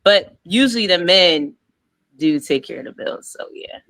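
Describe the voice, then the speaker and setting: A woman's voice: lowish voice, animated, moderate pace, a bit bright, rough recording. A woman guest on a casual talk show, giving her views in an easygoing way with frequent laughs. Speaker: podcast guest. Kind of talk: casual chat.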